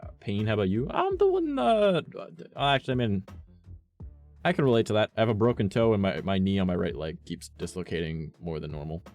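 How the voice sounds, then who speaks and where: A man's voice: low voice, steady tone, quick pace, a little mellow, faint music behind. A man streaming and chatting casually with his viewers, rambling and cursing often, with lots of "like" in his talk. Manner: rambling, swears often, heavy use of "like". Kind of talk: casual chat with a live stream audience.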